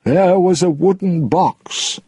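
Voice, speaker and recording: A man reading a storybook and putting on a raised, gentle voice for a sad older ghostly governor who speaks in slow, tender tones. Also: sits high, husky, no room sound, studio quality, pitched above the performer's own voice, exaggerated voice.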